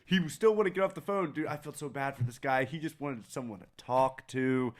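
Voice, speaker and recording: A young man co-hosts a podcast, speaking at a moderate pace with a medium-pitched voice. He tells a story in casual, profane chat and acts out the voices of the people he quotes.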